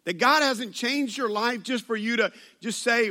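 A pastor with a high, bright voice preaches with animated storytelling. He mixes personal anecdotes and playful asides into his message. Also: a little slow. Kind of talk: sermon.

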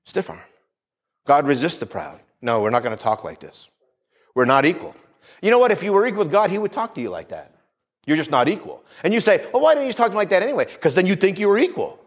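Fervent preaching man, animated pitch. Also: a little fast, long pauses, breathy edge. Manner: fervent, rising and falling preaching with call-outs for amen. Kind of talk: sermon.

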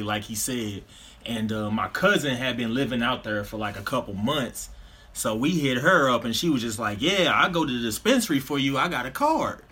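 A man telling a story in casual slangy chat, animated and laughing through the punchlines. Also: medium pitch, breathy edge.

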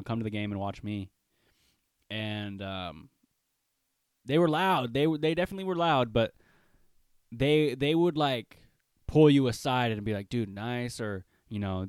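A man's voice: mid-range voice, clean tone, dry recording, clean studio sound. Laid-back young man podcasting solo. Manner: laid-back, rambling, says bro and dude. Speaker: podcast host. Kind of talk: casual solo podcast monologue.

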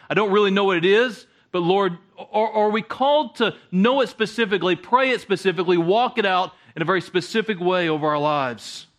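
A man preaching a sermon in a loose, conversational way. He often stalls and repeats words, then pushes on. His voice sits a little high for a man. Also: a little fast, few pauses, a bit bright. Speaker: guest preacher.

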